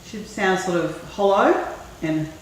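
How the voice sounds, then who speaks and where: A woman hosting a cooking show, chatting in a relaxed way and thinking aloud as she works. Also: medium pitch, measured pace. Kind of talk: casual cooking demonstration. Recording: very echoey room, mic far off, faint noise.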